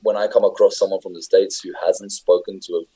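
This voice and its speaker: A young man with an English accent talks in an easy, rambling way, full of fillers and restarts. His voice sits low and sounds dark and mellow, with a husky edge. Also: flat delivery, quick pace, poor audio. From England. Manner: rambling, filler-heavy storytelling. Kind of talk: casual chat.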